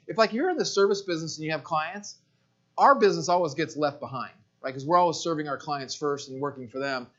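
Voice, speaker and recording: A man giving a live marketing seminar to a room, energetic, repeating phrases and checking in with "right?". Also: a little high, lo-fi sound. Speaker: marketing speaker.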